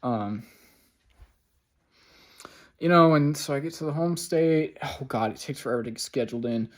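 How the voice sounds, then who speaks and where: A man's voice: on the high side, quick pace. Rambling, swearing young man vlogging. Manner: rambling, swearing, with many fillers; bursts into loud sarcastic outbursts. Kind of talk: casual storytelling to camera. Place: home room. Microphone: camera mic.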